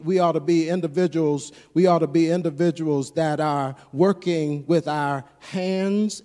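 A man's voice: a little high, darkish tone. A man preaching a sermon as pastor, calling out to the congregation and building to fervent exhortation. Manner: call-and-response preaching, rising to fervent exhortation. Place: church sanctuary. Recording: long reverb of a church sanctuary.

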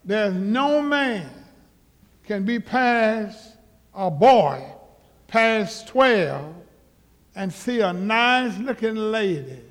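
A male pastor preaching a sermon, emphatic, repeating words and rising to loud exhortation. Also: sits high, big pitch swings, drawn-out words. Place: large church auditorium. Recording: church hall with long reverb.

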